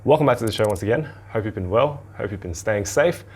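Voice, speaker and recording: A man in his twenties hosts a casual reaction video from a home studio, chatty and excitable, laughing often. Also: fairly low pitch, quick pace, slightly rough. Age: 20s. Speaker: host. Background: marching percussion show playing.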